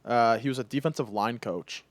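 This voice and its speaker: A young adult man hosting a podcast, telling stories in a casual, animated way with lots of "like". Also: mid-range voice, moderate pace, no room sound, clean studio sound. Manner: animated storyteller, heavy use of "like". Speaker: podcast host. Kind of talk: casual chat.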